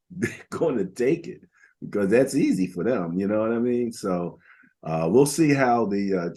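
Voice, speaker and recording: A man's voice: mid-range voice, a little mellow, breathy edge. An older man co-hosting a casual football podcast, rambling through stats with lots of fillers. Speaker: podcast co-host. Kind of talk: casual sports talk.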